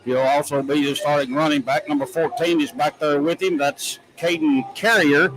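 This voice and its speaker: A man calling a high school football game play by play, folksy and excitable. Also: a little hiss or hum, low-quality recording. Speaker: play-by-play announcer.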